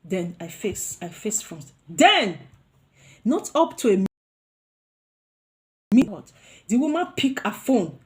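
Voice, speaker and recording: A woman from Africa vlogging, telling a personal story with lively, expressive delivery and acted-out quoted voices. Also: mid-range voice, takes it slowly, pauses often. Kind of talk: storytime vlog.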